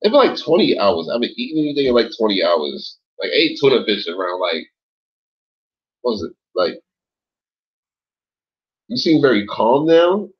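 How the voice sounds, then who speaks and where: Low husky guy riffing loose and slangy on his show, cussing a lot, voice shoots way up when he gets heated, muffled lo-fi audio. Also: fairly quick. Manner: slangy, rambling, swearing often; jumps to high excited pitch when worked up. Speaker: online show host. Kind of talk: loose casual commentary. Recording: dull lo-fi sound.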